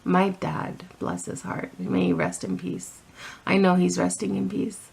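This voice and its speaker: Animated woman telling a vlog story. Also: on the low side, a little slow, creaky, breathy edge. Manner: animated, flustered storytelling with many restarts. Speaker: vlogger.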